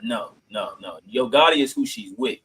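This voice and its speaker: A man's voice: medium pitch, expressive, moderate pace, a bit bright, slightly rough, poor audio. A man hosting a podcast in casual chat, laid-back and slangy with many filler ums, reacting to clips. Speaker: podcast host.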